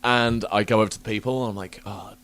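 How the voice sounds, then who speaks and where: A young man hosting a podcast, telling stories in a casual, animated way, swearing freely and laughing often. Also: on the low side, fast, clean tone, no room sound. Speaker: podcast host. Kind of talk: casual chat.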